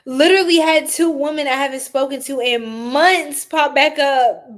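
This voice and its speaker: A young woman giving a casual live-stream tarot reading, animated and slangy as she chats with her viewers. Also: high voice, moderate pace, hardly any pauses.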